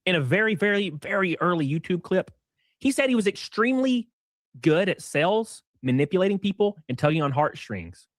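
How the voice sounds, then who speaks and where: A man's voice: sits high, sing-song, a little fast, dry recording. A man co-hosting a casual commentary stream, chatty and reacting to the chat.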